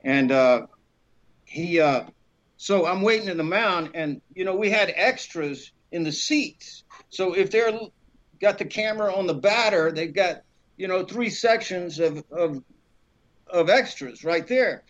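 Middle-aged man from Alabama, rambling animated storyteller, slightly high voice, muffled lo-fi audio. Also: a little slow. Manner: animated storyteller who acts out quoted dialogue, rambling with many fillers. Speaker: actor guest. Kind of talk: podcast interview storytelling.

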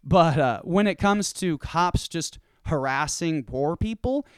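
A man talks in a casual, profane rant and tells stories by acting out each voice. His pitch sits a little high and jumps all over as he gets worked up. His voice is smooth and clear, and it is recorded close and dry with no room echo. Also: takes it slowly. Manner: profane, animated storytelling with acted-out quotes. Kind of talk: casual ranting monologue.

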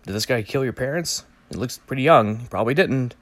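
A vlogger talks through a movie trailer solo in casual commentary, rambling and jokey, full of fillers, restarts and joking asides. His medium-pitched voice is brisk with lively intonation, and there's no room sound.

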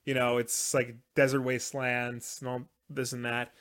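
A man's voice: mid-range voice, flat delivery, normal speed, fairly bright tone. A man co-hosting a live show in casual chat, rambling with lots of filler words. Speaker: podcast co-host.

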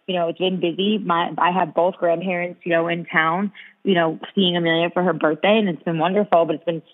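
Over a tinny phone call, a podcast co-host with a low-ish voice talks briskly. She tells animated stories in casual conversation, leaning heavily on the word "like."

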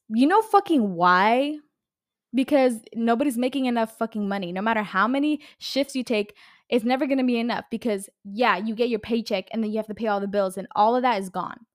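A woman in her twenties, a podcast host, ranting heatedly in casual talk, swearing and using a lot of fillers. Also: fairly high pitch. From California. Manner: heated, profane, uses lots of fillers. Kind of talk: casual solo podcast rant.

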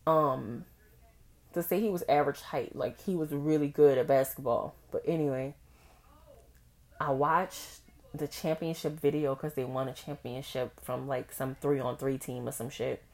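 A young woman hosting a podcast, telling a personal story in a candid, profane, animated way with frequent laughs. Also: extremely low pitch, unhurried. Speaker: podcast host.

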